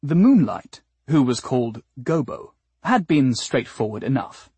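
A man narrating an audiobook in a wry, deadpan storytelling manner. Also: medium pitch, a little slow, slightly rough, dry recording.

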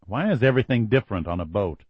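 A man voicing a gentle, teasing young woman who asks soft, quizzical questions. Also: fairly low pitch, animated, quick pace, breathy edge, no room sound, muffled recording. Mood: puzzled.

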